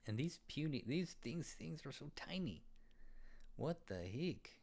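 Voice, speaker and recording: A man's voice: a little high, big pitch swings, measured pace, darkish tone. A man thinking aloud and muttering to himself as he designs a web page in a casual screen-recording tutorial.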